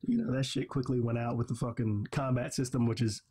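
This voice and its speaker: A man's voice: medium pitch, fairly even intonation, a little fast, warm tone, slight background noise. A man hosting a gaming channel, giving a frustrated, profane, rambling game review. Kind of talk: casual ranting game review.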